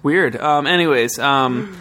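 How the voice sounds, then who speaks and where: A man's voice: mid-range voice, slow, sharp tone. A man co-hosting a video podcast, chatting loosely with lots of "like" and casual swearing. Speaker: podcast co-host. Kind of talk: casual chat. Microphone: studio podcast mic.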